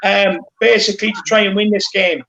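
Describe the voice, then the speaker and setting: A man's voice: high-pitched, steady tone, a little fast, pushed and bright. A man with an Irish accent hosting a casual fan podcast, rambling with lots of fillers and enthusiasm. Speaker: podcast host. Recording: roomy lo-fi call with faint noise.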